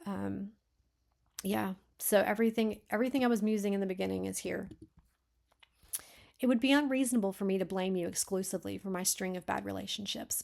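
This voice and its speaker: A woman reading a manuscript aloud and critiquing it, thinking aloud with frequent self-corrections and sometimes dropping to a soft whisper. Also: mid-range voice, fairly even intonation, brisk, vocal fry. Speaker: beta reader.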